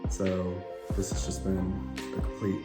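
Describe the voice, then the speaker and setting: A man with a low voice that is going hoarse talks in a loose, joking way and hypes himself up. He speaks into a podcast microphone. The sound is roomy, with music playing behind him. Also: monotone, unhurried. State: losing his voice. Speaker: job candidate and channel host. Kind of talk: casual vlog and job interview.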